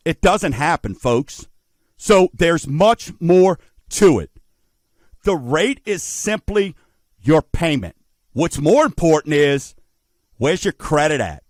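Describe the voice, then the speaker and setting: Middle-aged new guy hosting a radio show, high voice, dry close sound, calls everyone folks. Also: no room sound. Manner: folksy, addresses listeners as folks; emphatic rhetorical questions. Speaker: radio show host, mortgage lender. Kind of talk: radio talk show monologue.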